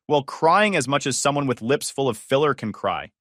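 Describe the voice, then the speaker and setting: A man's voice: mid-range voice, sing-song, normal speed, fairly bright tone, no room sound, studio quality. A man narrating a scripted first-person story in a wry, scornful way.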